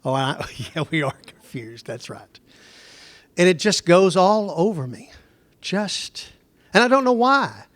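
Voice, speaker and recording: Bible teacher guy, middle-aged, pretty high voice, chatty and wandering, asks the class stuff, dry close sound. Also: very animated, measured pace, a bit bright, no echo. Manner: conversational, digressive, asks the class questions. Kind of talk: Bible lesson lecture.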